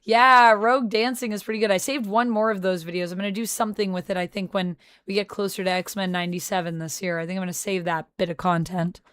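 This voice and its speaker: A woman hosts a relaxed livestream, chatting and answering her viewers one by one. Her voice sits in a middle register and comes across smooth and clear. The sound is dry and close, with no room echo. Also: mid-range voice, quick pace, few pauses. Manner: chatty, answers chat messages aloud. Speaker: streamer. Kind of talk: casual livestream chat. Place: home on a military base.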